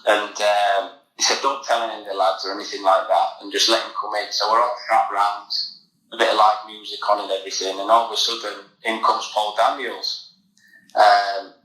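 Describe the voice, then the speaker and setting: Podcast guest: English man with a lowish, bright voice telling a meandering yarn in a roomy space. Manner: rambling anecdote with many fillers and restarts. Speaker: podcast guest, former footballer. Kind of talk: casual storytelling.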